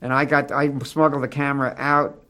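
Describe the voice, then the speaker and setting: A man's voice: medium pitch, level tone, brisk, bright, forceful tone. A man recounting a past studio incident in loose, rambling conversation. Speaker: interviewee recalling a studio incident. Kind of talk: conversational recollection.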